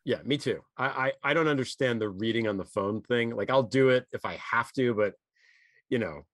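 Speaking at normal speed in a mid-range voice, this middle-aged podcast host launches into a heated, profanity-laced rant. Animated throughout, he then shifts into relaxed, casual conversation.

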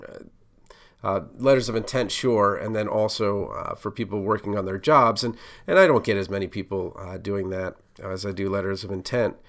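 A man's voice: lowish voice, a bit bright. A man hosting a podcast, giving casual career advice in a conversational, loosely rambling way full of asides.

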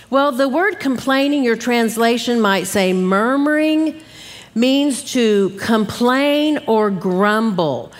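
A middle-aged woman Bible teacher giving an emphatic, animated sermon straight to her listeners. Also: a little high. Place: church hall at a live conference. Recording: live church hall with long reverb.

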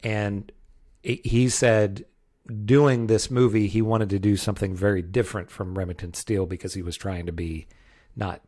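A man's voice: lowish voice, a little mellow. A man co-hosting a casual film review podcast, talking loosely with frequent restarts and hedges. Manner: rambling, many restarts and hedges. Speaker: podcast co-host.

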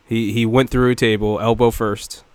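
Animated man in a dry room. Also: medium pitch, normal speed, clear, resonant tone, no echo. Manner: animated, laughs often. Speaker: podcast co-host. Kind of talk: casual chat.

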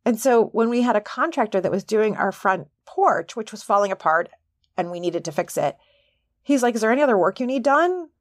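A middle-aged woman hosting a podcast as a coach, talking in a chatty, animated way with laughing asides. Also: medium pitch, brisk, no room sound. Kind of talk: casual monologue.

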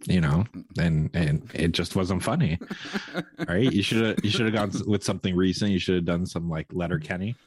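A man's voice: low-pitched, normal speed, slightly rough, dry recording, studio quality. A man from Canada co-hosting a podcast in casual chat, profane and blunt with a jokey edge. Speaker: podcast co-host.

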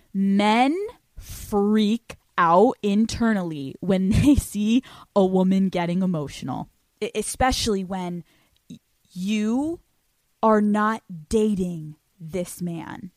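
A young woman hosts a podcast and hands out dating advice in a loud, blunt, foul-mouthed way. She keeps slipping into little acted-out conversations. The voice sits in the middle of the range and sounds dry and close, with no room echo. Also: medium pitch. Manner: blunt, brash, swears constantly, acts out imagined dialogues. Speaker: podcast host. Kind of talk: profane advice monologue.

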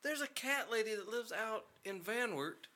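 A man's voice: high-pitched, lively intonation, normal speed, pushed and bright. A man co-hosting a podcast, telling a story in casual chat with dry, teasing humor. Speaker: podcast co-host.

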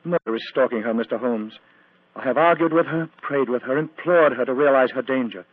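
A man's voice: mid-range voice, brisk, no echo, natural voice. A man playing an anxious, earnest clergyman. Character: agitated, earnest male clergyman. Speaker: reverend. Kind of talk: 1940s radio acting. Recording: tinny, dry old radio broadcast.

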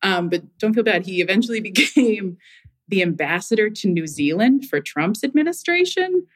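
A woman caller in her thirties, from Massachusetts, spins a school story in easy, casual talk. Her voice sits at a middle pitch, and laughter keeps slipping into her sentences. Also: normal speed. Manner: laughs often mid-sentence, animated.

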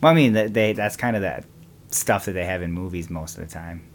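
A man's voice: low-pitched, brisk, a little hiss or hum. A young man co-hosting a podcast in casual chat, laid-back and chatty, laughing often. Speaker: podcast co-host.

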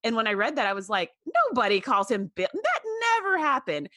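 A woman's voice: mid-range voice, quick pace, bright, forceful tone, no echo, clean studio sound. A woman co-hosting a casual podcast, chatty and fond of acting out characters' lines. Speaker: podcast co-host.

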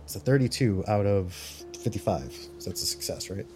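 A man with a low voice plays a tabletop horror game. He talks through each of his character's actions step by step in a deliberate, thinking-aloud way. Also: faint music behind. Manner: deliberate, plans his character's moves out loud. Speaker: player.

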